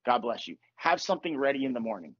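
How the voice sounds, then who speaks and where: A man's voice: mid-range voice, fast talker, dull audio. A man hosting a podcast, telling stories in casual chat, laughing often and acting out the voices of the people in his stories. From Virginia. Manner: animated, laughing, acts out quoted voices. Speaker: podcast host. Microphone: earphones on a call.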